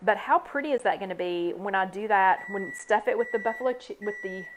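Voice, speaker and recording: A woman's voice: medium pitch, a little fast, slight background noise. Chatty woman hosting a live cooking chat. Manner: chatty, upbeat, talks to viewers by name. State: hiccups. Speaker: host.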